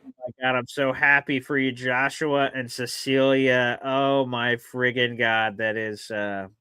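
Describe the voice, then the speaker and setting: A man's voice: mid-range voice, level tone, a little slow, pushed and bright, smooth. A man hosting a live sports talk stream, emotional and effusive, laughing often and reading out viewer messages. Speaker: sports talk show host.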